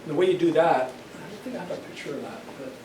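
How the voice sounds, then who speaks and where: An older man gives a casual hands-on demonstration to a club, explaining each step and often tripping over repeated words. His voice sits a touch higher than most men's and is picked up from a distance. The echoey meeting room has steady noise behind him. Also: fast talker. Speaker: club presenter. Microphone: room mic far from the speaker.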